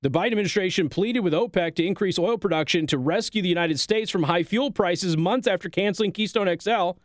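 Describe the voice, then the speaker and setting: A man with a fairly high voice delivers sarcastic commentary, reading headlines aloud and cutting in with mocking rhetorical questions. The recording is close and dry, with no room sound. His tone stays pointed and needling throughout. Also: fairly quick, no room sound. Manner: reads articles aloud then interjects. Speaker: political commentary host.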